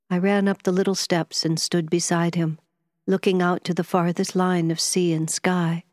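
This audiobook narrator is a woman with a fairly low pitch whose storytelling is measured and expressive. The recording is dry and of studio quality.

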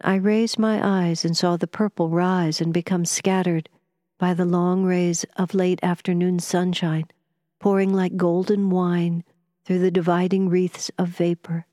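An audiobook narrator with a low voice reads a scripted first-person story in a measured, even manner. The recording is dry and studio quality.

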